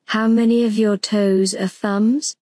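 A woman reading the part of a wise, grim old male bird in a bedtime storybook, calm and unhurried, close to her own voice. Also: medium pitch, dry recording, lightly acted.

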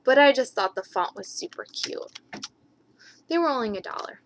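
Gushing, chatty woman with a high voice. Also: lively intonation, moderate pace, slight background noise, poor audio. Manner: gushing, repeats her enthusiasm ("love, love, love"); chatty, rambling asides. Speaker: scrapbooking haul vlogger. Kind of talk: casual show-and-tell haul video.

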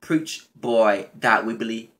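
A man hosting his own video channel, giving a casual, profane, animated recap of a reality show, with big jumps in pitch and loudness and excited stammers. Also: slow. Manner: stammers and restarts when excited. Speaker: YouTube show recap host.

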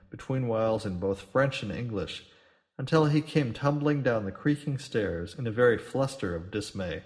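A man reading a classic adventure story aloud as audiobook narrator, in a measured storytelling manner. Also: mid-range voice, darkish tone.

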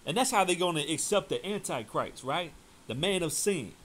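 A man's voice: on the high side, animated, moderate pace, a bit bright. A man preaching in a fiery, scolding way, commenting on a debate clip and reading scripture aloud.

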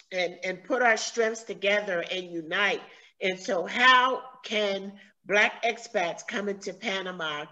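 A woman's voice: mid-range voice, bright, forceful tone, dull audio. A woman from the United States interviewing a guest over a video call, speaking earnestly and emotionally with many fillers.

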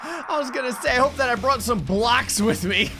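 Excitable gravelly-voiced man gaming. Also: very high-pitched, moderate pace, music in the background. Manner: excitable, yelps and laughs at chaos. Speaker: gaming YouTuber. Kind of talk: Minecraft let's play commentary.

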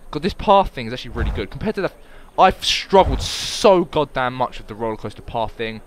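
A man narrating his own gameplay in an offhand, unscripted way, swinging his pitch up and down as his mood jumps. He is excitable and swears freely, talking to himself as he builds. A faint hiss of noise sits under his voice. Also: fairly quick. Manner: excitable, swears often, talks to himself while playing. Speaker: gameplay commentator. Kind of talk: casual let's-play commentary.

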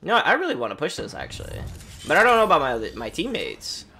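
Animated high-voiced man commenting gameplay. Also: quick pace, gravelly, slight background noise. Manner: animated, taunts enemies, talks to himself. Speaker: gaming streamer.

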